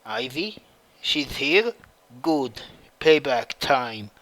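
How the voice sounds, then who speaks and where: A man's voice: mid-range voice, very animated, extremely slow, a bit bright, no echo, full character voice. A man reading the part of a caring but vengeful young woman fighter in a fan story. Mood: grim.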